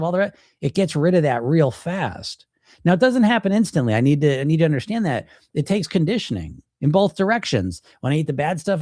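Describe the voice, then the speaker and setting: Animated, blunt male weight-loss coach. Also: fairly high pitch, fairly quick, no room sound, studio quality. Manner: animated, acts out inner self-talk in quoted voices; blunt, casual swearing. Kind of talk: direct-to-camera coaching talk.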